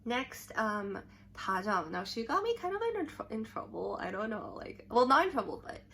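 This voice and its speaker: A woman's voice: on the high side, very animated, normal speed, vocal fry, sharp tone, slight background noise. A young adult woman vlogging to camera, telling a story in a chatty, rambling way full of "like" and restarts.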